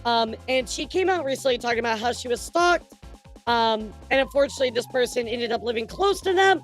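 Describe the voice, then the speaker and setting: A woman's voice: on the high side, animated, brisk. A woman streamer giving casual reaction commentary, chatting to her viewers. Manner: chatty, addresses chat directly. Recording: faint music behind. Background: faint music.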